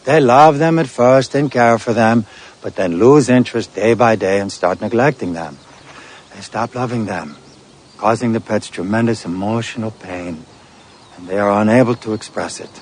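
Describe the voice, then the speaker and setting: Man playing an earnest pet-business founder, put-on Indian accent, lowish voice, measured film dialogue. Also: a little hiss or hum, natural voice. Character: odd adult male pet-abduction business founder, calm and earnest.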